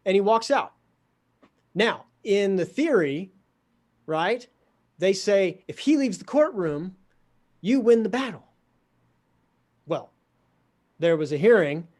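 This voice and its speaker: A man telling a story in a wry, animated way, acting out the dialogue. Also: high voice, slow pace, pauses often. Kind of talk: storytelling in a conversation.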